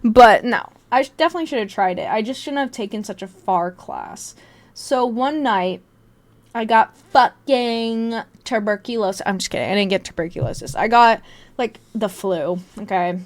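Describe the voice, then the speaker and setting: A woman's voice: a little high, lively intonation, moderate pace. A young woman host telling a story in a casual, profane and self-mocking way. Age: young adult. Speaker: vlog host.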